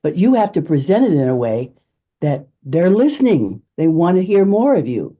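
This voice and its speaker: Dark-voiced woman coaching with energy. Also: on the low side, moderate pace, slightly rough, lo-fi sound. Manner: lively, laughing, emphatic. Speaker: presentation skills coach. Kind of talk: networking pitch.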